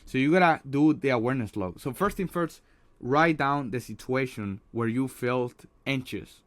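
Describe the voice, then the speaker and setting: A man gives a casual motivational talk about social anxiety in a mid-range, fairly bright voice at a moderate pace. He's earnest, restarting often, repeating words and tacking "right?" onto his lines, and in quoted asides he voices a harsh inner critic.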